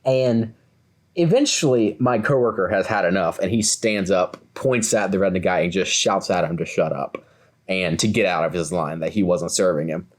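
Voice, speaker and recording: A man's voice: low voice, normal speed. A man in his twenties, co-host of a podcast, telling a story in a casual way and acting out the voices of the people in it. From Kentucky, USA. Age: 20s. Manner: animated, acts out quoted voices.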